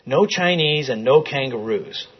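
A man reading out a gentle father's joking words to his young son, in a playful storytelling manner. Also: medium pitch, lively intonation, measured pace, slightly rough, dull audio, pitched above the performer's own voice.

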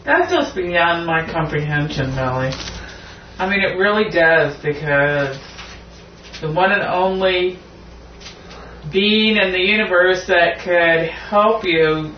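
A man's voice: high-pitched, animated, slow pace. A man joining a Bible discussion, speaking in a thoughtful, earnest way. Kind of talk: casual discussion. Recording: dull, echoey, distant with faint noise.

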